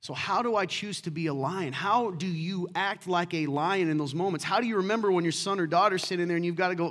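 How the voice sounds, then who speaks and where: Man preaching a sermon, lively, swings between loud and hushed, fairly high voice. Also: brisk. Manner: animated preaching, acts out quoted voices. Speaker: pastor.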